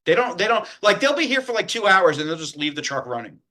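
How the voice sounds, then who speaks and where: Male podcast host, bright and animated, sarcastic joking rants. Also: high-pitched, fast. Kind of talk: casual chat.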